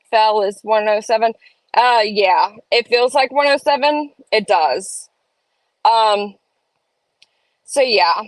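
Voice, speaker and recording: A woman's voice: a little high, fairly bright tone, no echo, low-quality recording. A woman, hosting a casual live stream from her home and chatting opinionatedly while reading comments aloud. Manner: chatty, reads chat aloud, opinionated asides. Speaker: livestream host. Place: home room.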